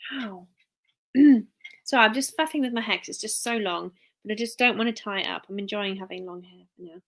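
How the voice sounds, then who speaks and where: A woman's voice: medium pitch, brisk, fairly bright tone. A woman chats on a live stream in a loose, wandering way. She reads viewer names aloud and breaks off mid-sentence to try again. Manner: chatty and rambling, reads viewer names aloud, many restarts. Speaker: live streamer, work-from-home mum. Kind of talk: casual live-stream chat.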